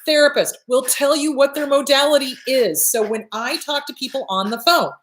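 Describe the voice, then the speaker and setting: A woman's voice: high voice, normal speed, fairly bright tone. Brief: woman therapist-host, blunt and emphatic, salty language, roomy echo. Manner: blunt, emphatic, swears freely, acts out quoted voices. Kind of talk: blunt advice talk. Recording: echoey room.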